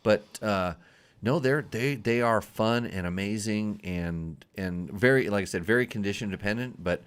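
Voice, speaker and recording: A man with a lowish voice hosts a relaxed podcast conversation. He rambles, restarts his sentences and repeats words as he goes. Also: normal speed, clean tone. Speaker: show host. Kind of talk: casual podcast chat.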